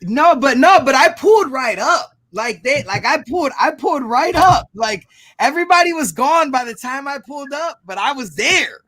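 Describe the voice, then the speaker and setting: A man's voice: very high voice, expressive, normal speed, a bit bright. A man chatting casually on a live stream, telling rambling stories with restarts and repeats. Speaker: storage auction buyer and show regular.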